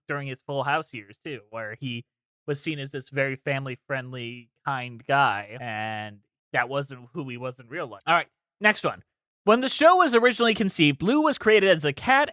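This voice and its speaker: A man's voice: on the high side, very animated, moderate pace, a bit bright, no room sound. A man co-hosting a casual podcast, rambling along as he reads out trivia facts. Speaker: podcast co-host.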